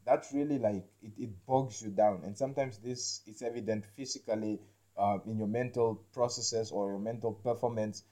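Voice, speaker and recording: A man's voice: on the low side, fairly even intonation, mellow. A man hosting an episode, talking loosely about spiritual healing with lots of restarts and a habit of asking whether you understand him. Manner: halting, repeats words, keeps asking "you understand me?"; slangy, says "man" and "like" a lot. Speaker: podcast host. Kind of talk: rambling spiritual talk.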